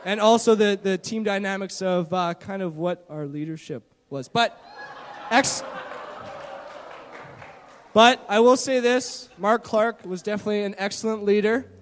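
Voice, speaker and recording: Man, high voice, church testimony, animated storytelling, lots of fillers, handheld mic, long hall reverb. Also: measured pace, a little hiss or hum. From Canada. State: shaky from not eating. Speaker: church youth leader sharing a mission trip story. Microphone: handheld microphone.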